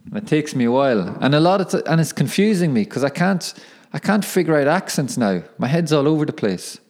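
A young man, a professional footballer, hosts his own podcast in a casual solo monologue, rambling, correcting himself and laughing at himself. His fairly high voice swings widely in pitch, with a brisk pace and a darkish tone.

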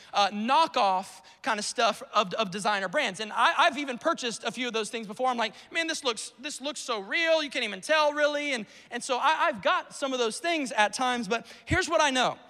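A man's voice: very high-pitched, pushed and bright, long reverb tail. A male pastor preaching a conversational sermon to his church, often repeating words and calling out to the congregation. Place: church sanctuary.

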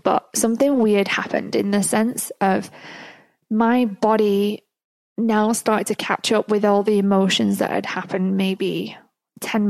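A woman hosts her own podcast and tells a personal story in a loose, chatty way, breaking into laughter often. Her voice sits at an ordinary middle pitch. The recording is dry and close, with no room sound. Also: a little mellow, dry recording. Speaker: podcast host.

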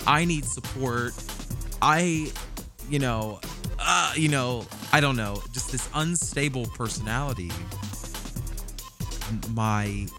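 A man's voice: mid-range voice, slow pace, pauses often. Guy hosting a podcast, rambly and musing, music playing behind. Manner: rambling, musing, with frequent fillers. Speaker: podcast host. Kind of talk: casual podcast monologue.

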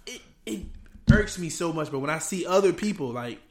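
A man co-hosting a podcast in casual chat, animated, laughing often and tagging lines with "bro". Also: a little high, fairly quick, reverberant. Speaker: podcast co-host.

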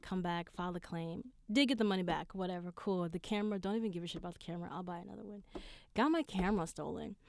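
A woman's voice: fairly low pitch, quick pace, gravelly, a little mellow. A woman hosting her own podcast, telling personal stories in a candid, profane way, full of fillers. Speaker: podcast host. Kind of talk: casual solo podcast monologue.

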